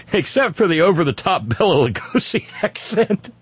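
A man's voice: high voice, sing-song, moderate pace, husky. A man hosting a comedy talk stream, reading viewer comments with sardonic, profane asides.

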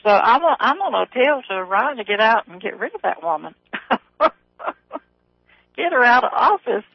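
A woman's voice: a little high, very animated, normal speed, gravelly, breathy edge, dry recording. A Southern-accented woman calls in to a radio show. She rambles from point to point and laughs often. Her voice comes over a dull, dry phone line. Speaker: caller.

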